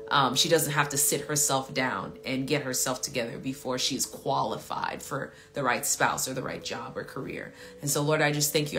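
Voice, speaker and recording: A woman with a low voice leads spontaneous prayer on a live stream. She speaks with earnest, repeated declarations and loose fillers, and turns easily to talking with her viewers. Soft music plays faintly behind her.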